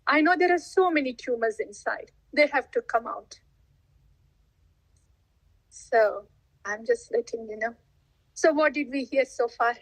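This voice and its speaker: Woman spiritual teacher, high voice, unhurried devotional talk with frequent laughs. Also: dry recording, poor audio. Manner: laughs often, acts out listeners' replies; unhurried, asks rhetorical questions.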